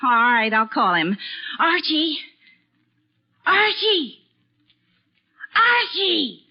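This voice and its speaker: A woman's voice: mid-range voice, big pitch swings, a little fast, muffled recording. A woman playing a fretting, exasperated mother, in 1940s radio acting on an old broadcast recording. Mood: polite. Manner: exasperated, fussing, hushing. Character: patient, fretting middle-aged mother.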